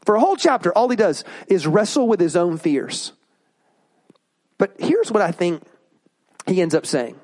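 A man preaching a sermon as pastor, animated, acting out quoted voices as he goes. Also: moderate pace, pauses often. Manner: animated, acts out quoted voices with rising pitch.

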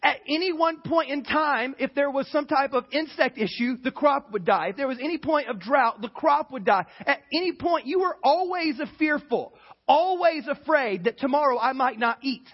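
A man's voice: very high-pitched, lively intonation, normal speed, highs cut off. A man preaching a casual sermon as a pastor, often asking the congregation to answer back. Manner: casual, asks the congregation to respond. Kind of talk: conversational sermon.

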